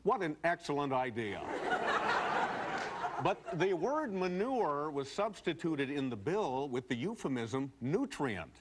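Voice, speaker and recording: A man's voice: on the high side, big pitch swings, takes it slowly. A man giving a comic editorial commentary in a mock-earnest manner, building to exaggerated outbursts. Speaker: commentator on a comedy news segment. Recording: noisy TV broadcast.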